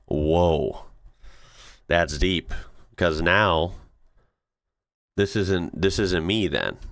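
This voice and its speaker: A man hosting a casual reaction video, excitable and slangy, laughing often as he comments on clips. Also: deep voice, drawn-out words, gravelly, no echo, clean studio sound.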